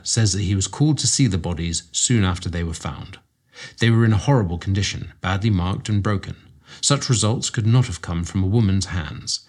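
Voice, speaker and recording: A man reading a classic mystery story aloud as a narrator, in a measured, dramatic way with slow pauses. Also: low voice, darkish tone, breathy edge. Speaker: audiobook reader.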